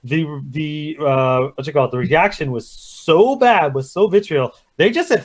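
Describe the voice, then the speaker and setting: A man co-hosting a casual chat, arguing his point quickly. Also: a little high, lively intonation. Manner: quick, argumentative. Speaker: podcast co-host.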